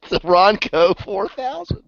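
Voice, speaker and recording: A man's voice: high-pitched, sing-song, measured pace, creaky, dry recording. A man co-hosting a casual chat, teasing and laughing often. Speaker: co-host. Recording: dull lo-fi dry recording.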